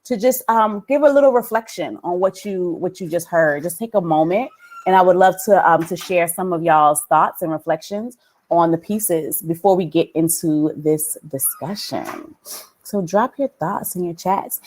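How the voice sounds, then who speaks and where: A woman moderating an online panel over a video call, chatty and relaxed, with a light lilt. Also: on the low side, normal speed. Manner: warm, chatty, laughing asides. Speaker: event moderator.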